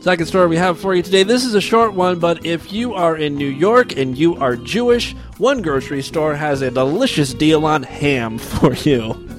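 A man's voice: a little high, normal speed, soft background music. A man hosting a crude, mocking comedy news show. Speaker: host.

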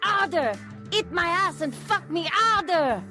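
A man's voice: very high voice, expressive, unhurried, over music, pitched above the performer's own voice. A man voicing a breathless, crude woman in a mocking read of an audio story. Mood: lusty. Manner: breathless, crude, over the top. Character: moaning female poodle lover, mid-twenties.

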